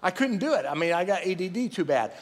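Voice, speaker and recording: High-voiced guy preacher, super animated, loud and passionate, big echoey church hall. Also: fast. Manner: loud, passionate, self-deprecating, improvised. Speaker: pastor. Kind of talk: sermon.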